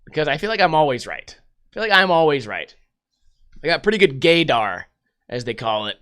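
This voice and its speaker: A man's voice: a little high, very animated, a little fast, a bit bright, clear, resonant tone. A young man hosting a livestream podcast, telling crude, rambling stories with heavy swearing in casual chat. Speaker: podcast host.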